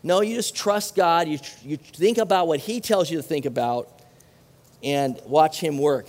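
A middle-aged man with a high-pitched voice delivers an animated sermon, firing questions at his listeners between casual asides. His voice rings out with a long reverb, as if in a large hall. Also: unhurried. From Southern California. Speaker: pastor.

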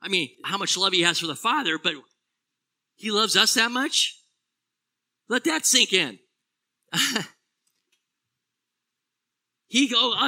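A man delivering a sermon as pastor, with a fairly high, very bright and forceful voice. He preaches with animation, rising to loud exclamations and dropping to quiet, low phrases. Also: animated, unhurried, pauses often.

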